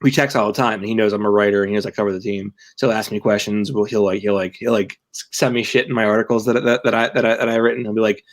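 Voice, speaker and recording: A man's voice: on the low side, steady tone, fast. A young man co-hosting a sports podcast, talking casually and rambling through many restarts and fillers. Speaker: podcast co-host and team writer.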